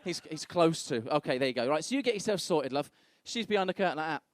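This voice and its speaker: A man's voice: a little high, animated, fast. Brash man doing stand-up. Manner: brash, crude storytelling, acts out other people's voices. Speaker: stand-up comedian. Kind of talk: stand-up comedy set. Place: comedy club stage.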